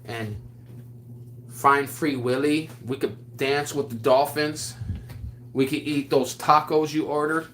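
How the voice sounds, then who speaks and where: A man in the middle pitch range chats on a livestream from home. He talks excitably in loose slang and keeps restarting his words. A faint hiss sits under his voice. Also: measured pace. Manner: excitable, reads viewer comments aloud; drawling slang with frequent restarts. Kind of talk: casual livestream chat.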